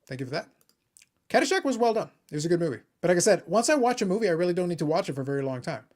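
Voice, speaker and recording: A man's voice: high-pitched, very animated, rapid-fire, darkish tone. A man hosting a casual live stream chat, blunt and opinionated, often stammering and repeating words as he starts a point. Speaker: host of a hobby live stream.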